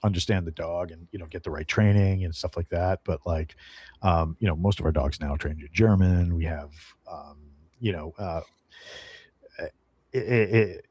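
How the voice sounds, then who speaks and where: Low, husky rambling storyteller man. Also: no echo. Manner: rambling, animated storyteller with many fillers and restarts. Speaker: guest, dog handler. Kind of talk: casual podcast storytelling.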